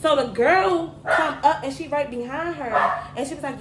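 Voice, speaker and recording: A middle-aged woman with a fairly high voice tells a story in casual, slangy chat and laughs her way through it. The room is echoey and has clear background noise. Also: moderate pace, long pauses. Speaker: mother telling a story on a daughter's channel.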